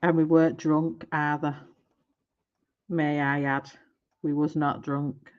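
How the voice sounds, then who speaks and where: A woman's voice: low-pitched, flat delivery, slow pace, dull audio. A woman hosting a colouring live stream, chatting casually and giggling as she trips over product names.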